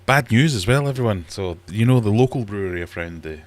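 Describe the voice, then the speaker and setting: A man's voice: fairly low pitch, lively intonation, brisk. A middle-aged man hosting a casual livestream chat from his fish room, rambling and self-deprecating. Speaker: livestream host. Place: small warm fish room at home.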